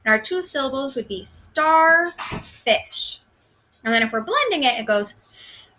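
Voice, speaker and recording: A woman teaching a recorded first grade phonics lesson, slowly sounding out words for young children. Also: high-pitched, animated, bright, forceful tone, a little hiss or hum.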